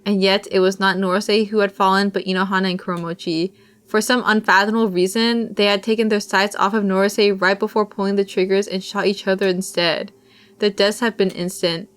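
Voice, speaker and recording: A woman's voice: medium pitch, little pitch movement, a little fast. Young woman reading a visual novel aloud. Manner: casual, self-deprecating asides. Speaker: streamer.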